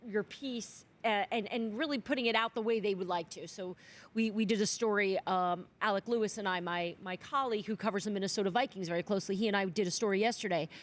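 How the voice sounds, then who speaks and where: A woman in her thirties who works as a sports reporter, talking quickly and chattily as a guest in a casual interview. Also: mid-range voice.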